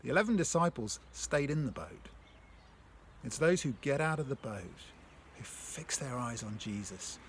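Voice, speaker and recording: A man giving a reflective devotional talk. He reads a prayer aloud and then puts gentle questions to the listener, moving between hushed phrases and stronger ones. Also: mid-range voice, very animated, moderate pace, a little hiss or hum. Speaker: speaker sharing a faith story.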